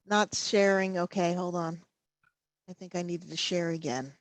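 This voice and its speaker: A woman presenting a live safety training webinar over a video call, slow and halting, often pausing to check in with "okay". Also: on the low side, fairly even intonation, no echo. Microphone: computer mic over video call.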